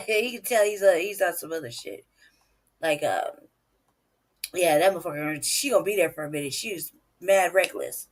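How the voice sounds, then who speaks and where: A woman's voice: lowish voice, normal speed. A woman hosting a casual reaction show, laughing often and commenting in loose slang. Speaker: host reacting to videos.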